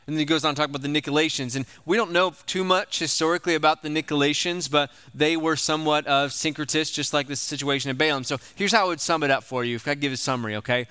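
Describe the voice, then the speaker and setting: A young male pastor delivers his sermon like a conversation, keeps checking in with "right?" and "okay?", and retells old stories in plain modern speech. His voice is bright and crisp. The sound is dry and close. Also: on the high side, steady tone, fast, hardly any pauses, no room sound. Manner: retells scripture in an everyday voice.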